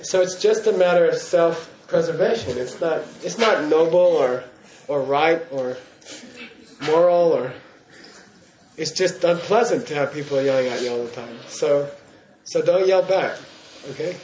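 A man's voice: a little high, measured pace, a little mellow, slight background noise. A man giving a Buddhist teaching in class, in a playful way, often checking in with his listeners. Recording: roomy hall echo.

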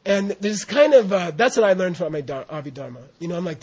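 An American man giving an informal Buddhist teaching, rambling and animated, often laughing and saying "you know". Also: high voice, fairly quick, slightly rough. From United States. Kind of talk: informal dharma talk.

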